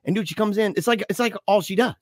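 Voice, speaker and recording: A man chatting casually on a podcast, telling a story in an animated, slangy way, often laughing and calling his friend dude. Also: high-pitched, fast talker, no room sound, studio quality.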